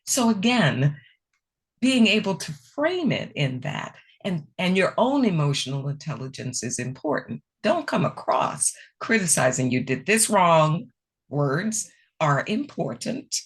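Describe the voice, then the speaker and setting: A woman presenting a speaking workshop, answering questions in a conversational, emphatic way over a video call. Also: measured pace. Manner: conversational, animated pitch, repeats key phrases.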